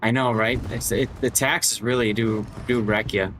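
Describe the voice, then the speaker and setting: Chatty guy streaming a game, joking with chat, medium voice, game gunfire loud in the back. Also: medium pitch, fairly even intonation, moderate pace, noisy background. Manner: chatty, jokey, greets chat. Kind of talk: casual live game commentary. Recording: game gunfire sounds behind.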